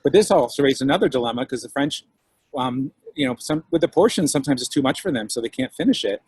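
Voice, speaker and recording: A man's voice: mid-range voice, quick pace, slightly rough, no echo. A man, a diner owner and author, chatting casually over a video call and acting out his customers' reactions. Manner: animated storyteller, acts out customers' voices.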